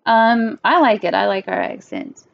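A woman's voice: on the high side, huge pitch swings, normal speed, gravelly, lo-fi sound, a little hiss or hum. A young woman, hosting a casual podcast chat with her father, giggly and full of fillers. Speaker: podcast host.

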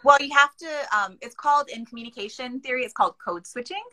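A woman's voice: high voice, quick pace, bright, forceful tone, poor audio. A woman from Hawaii hosting a casual chat, explaining things with chatty asides. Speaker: host.

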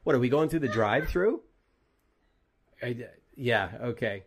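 A man's voice: medium pitch, expressive, measured pace, breathy edge. Chatty man hosting an interview. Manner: chatty, jokey, reads out viewer questions. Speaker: podcast host. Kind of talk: casual interview chat.

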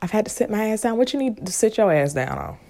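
Woman, casual motivational talk, frank, animated, profane, occasional whispers. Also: mid-range voice, fast. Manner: drops into hushed whispers. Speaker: vlogger and spiritual speaker.

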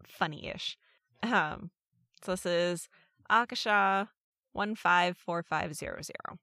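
A woman's voice: on the low side, slow, sharp tone, no echo. Dry-miked woman podcast host. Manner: chatty, amused, reads with wry emphasis. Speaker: podcast co-host reading stories. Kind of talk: casual podcast chat and story reading.

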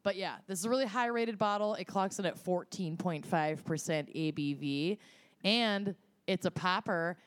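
A woman with a lowish voice co-hosts a casual podcast. She talks playfully and teases her friends. The sound is dry and close. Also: moderate pace, dry recording. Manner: playful, teasing, describes wine. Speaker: podcast co-host.

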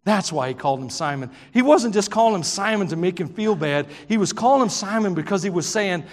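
A man with a Southern US accent preaching a sermon, telling stories in an animated, joking way and breaking into shouts. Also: sits high, a little fast, hardly any pauses. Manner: animated, joking storyteller who bursts into shouts. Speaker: pastor. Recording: long hall reverb.

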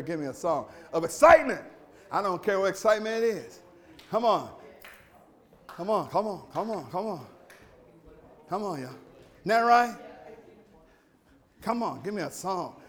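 High-voiced man preaching a sermon. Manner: call-and-response preaching, rising to shouts; plain folksy speech, coaxing the congregation. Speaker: pastor. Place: church sanctuary.

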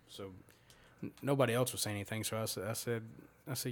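A man's voice: lowish voice, normal speed. Profane man telling a story. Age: 30s. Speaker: podcast guest. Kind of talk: casual storytelling.

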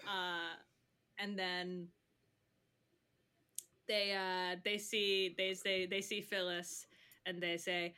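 A woman narrating a tabletop role-play game as game master, laughing often and talking in a halting, chatty way. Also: lowish voice, little pitch movement, bright, forceful tone, a little hiss or hum.

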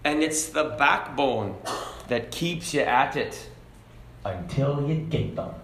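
A preacher voicing an aged Irish man giving folksy advice, in a hushed, low put-on accent that drifts toward Scottish. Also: expressive, slow, roomy sound, a little hiss or hum. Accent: attempted Irish, drifting Scottish.

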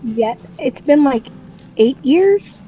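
High, lively woman, blunt player. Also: slow pace, lo-fi sound, faint music behind. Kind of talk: in-character tabletop play.

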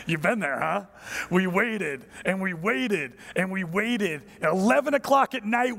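A man preaching a sermon as pastor, telling a personal story and dropping to a hushed, low voice for emphasis. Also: gravelly, in a large hall.

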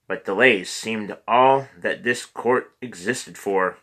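A man narrates a memoir audiobook at a very slow, measured pace. His voice is fairly low, with a bright, forceful tone. He now and then stumbles and restarts a word.

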